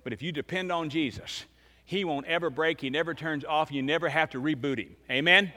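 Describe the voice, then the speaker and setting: A man in his fifties preaching a sermon as pastor, emphatic, swinging between loud and hushed. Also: fairly high pitch, fairly quick. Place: church sanctuary. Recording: long reverb of a large church hall.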